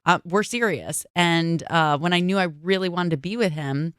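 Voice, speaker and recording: A woman's voice: on the low side, moderate pace, fairly bright tone, clear, resonant tone, no echo. A woman guest on an interview podcast, chatting and telling stories, acting out quotes in other voices. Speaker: guest, motorsports broadcaster. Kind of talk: casual interview chat.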